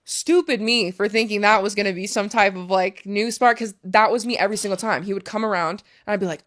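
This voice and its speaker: A woman's voice: medium pitch, fairly quick, few pauses, a bit bright. A young woman, a professional soccer player, candidly telling a story in a casual interview, swearing freely and saying "like" a lot.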